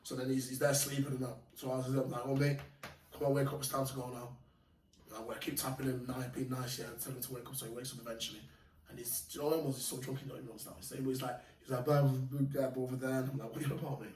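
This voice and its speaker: A man casually telling animated, slangy stories of fights and bouncer work, laughing often. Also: medium pitch, rapid-fire. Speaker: podcast guest. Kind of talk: casual storytelling. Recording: echoey room, mic far off, faint noise.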